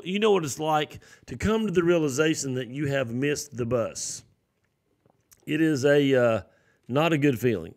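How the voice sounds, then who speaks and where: A man delivers a sermon in a folksy storytelling way, slipping into little acted voices. His voice sits a touch high for a man and carries a gravelly edge. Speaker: preacher.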